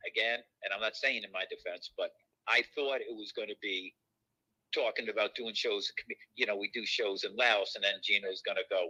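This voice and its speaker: A man's voice: fairly low pitch, fairly even intonation, moderate pace, bright, forceful tone, low-quality recording. A man who is a podcast guest, talking in a rambling, hesitant way and defending himself. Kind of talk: casual chat.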